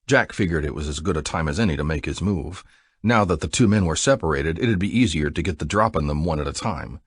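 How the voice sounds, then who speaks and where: A man giving an expressive, dramatic audiobook narration. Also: rumbling low, brisk, slightly rough, no room sound, studio quality.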